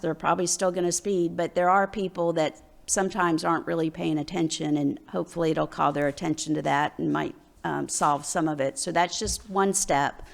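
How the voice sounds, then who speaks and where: Gravelly-voiced woman chairing a meeting. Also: lowish voice. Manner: plain, conversational, explains with fillers. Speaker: mayor chairing council meeting.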